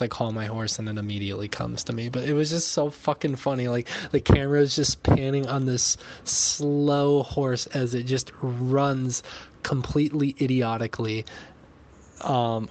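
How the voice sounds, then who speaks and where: A man telling a story in a casual voice message, profane and animated, as a podcast host. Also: medium pitch.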